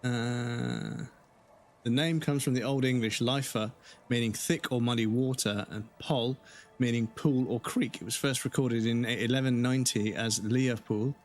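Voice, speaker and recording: A man's voice: medium pitch, fairly even intonation, unhurried. A man from the UK giving casual, rambling commentary while live-streaming a game, with many hesitations.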